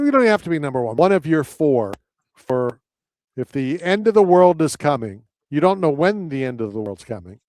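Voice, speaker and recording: Rambling talk radio host, dry sound. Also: male voice, a little high, a little mellow, dry recording. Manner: rambling storyteller, acts out voices in anecdotes. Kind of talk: casual chat.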